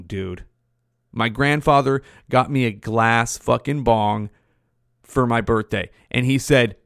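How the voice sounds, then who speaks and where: A man's voice: medium pitch, unhurried, vocal fry, clean tone, no room sound, studio quality. A man in his forties casually telling rambling, profane stories as a podcast host. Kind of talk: casual storytelling.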